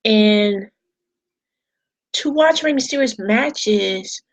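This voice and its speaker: Woman vlogger, fairly high voice, rambling, repetitive, emotional, swears casually. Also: expressive, measured pace, long pauses, poor audio. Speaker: wrestling vlogger. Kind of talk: casual vlog talk. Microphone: on camera.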